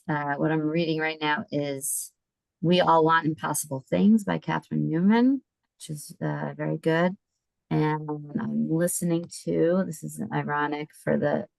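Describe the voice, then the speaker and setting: A woman's voice: low-pitched, vocal fry, darkish tone, dry recording. A middle-aged woman from the United States hosts an online book event, speaking hesitantly with many ums and restarts over a video call. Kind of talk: casual video call announcements.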